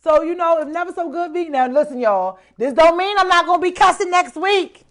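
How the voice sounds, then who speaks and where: Casting note: high-pitched woman, animated guest, laughs and repeats for emphasis. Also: fairly quick. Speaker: show guest. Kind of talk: casual live-stream chat.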